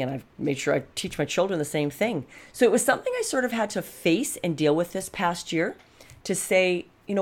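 A woman's voice: fairly low pitch, a little fast. A woman in her fifties giving a frank, reflective personal monologue as a life coach, speaking directly to her viewers. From Canada. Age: 50s. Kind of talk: candid personal monologue to camera.

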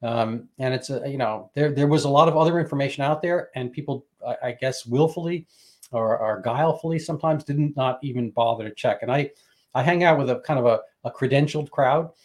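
A man hosting a casual conversation, talking in a halting way with many restarts. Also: mid-range voice. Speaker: host.

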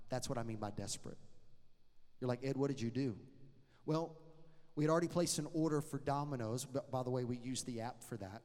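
A middle-aged man, preaching a sermon and telling stories with animated swings between loud and hushed delivery. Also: mid-range voice, fairly quick. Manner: animated storytelling with sudden drops to a hush. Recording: long hall reverb.

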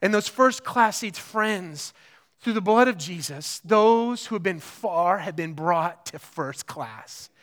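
A man preaching a sermon in a conversational, animated way, often checking in with the listeners. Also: high-pitched. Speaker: pastor.

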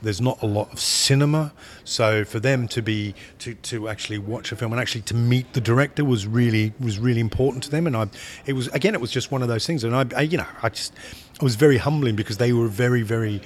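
A man, a film director, talking in an interview in a rambling, halting way, often repeating words as he searches for them. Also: medium pitch. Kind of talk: interview conversation.

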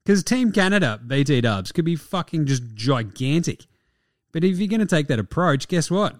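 Aussie bloke doing his sports pod, swears a lot, jokey, slightly high voice, dead dry sound. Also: big pitch swings, moderate pace, no room sound. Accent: Australian. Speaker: podcast host. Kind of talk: casual sports podcast chat.

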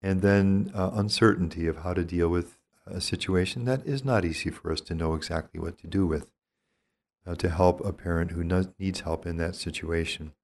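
Speaking in a very deep, low voice, an elderly priest gives calm, reflective spiritual guidance. He is gentle and thoughtful, choosing every phrase with care and frequently stopping partway through a thought.

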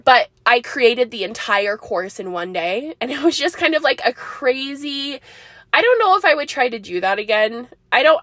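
Young woman, podcast host: chatty, rambling, giggly, slightly high voice, dry close sound. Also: a bit bright, no echo. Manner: rambling, bubbly, laughs often, many likes and ums. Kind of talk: casual solo podcast chat.

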